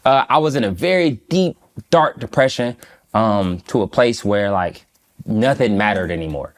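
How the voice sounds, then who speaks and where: A man from Michigan, a guest in an interview, recounting a personal story in a slow, halting, reflective way with many pauses. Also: fairly low pitch, expressive. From Michigan, USA.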